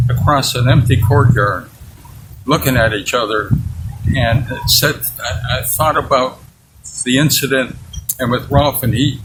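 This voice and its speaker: A man's voice: medium pitch, noisy background. A man in his eighties recounts a personal memory in an interview, earnest and candid, acting out the dialogue he remembers. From United States. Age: 80s. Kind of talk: personal storytelling.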